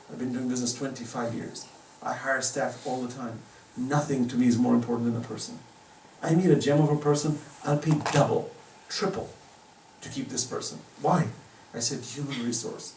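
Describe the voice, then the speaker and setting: The sound is roomy and echoing, the mic set far from a middle-aged man lecturing passionately on religion in a private home. His mid-range voice is a little mellow, with a touch of hiss or hum. He presses each point with emphatic, rising questions.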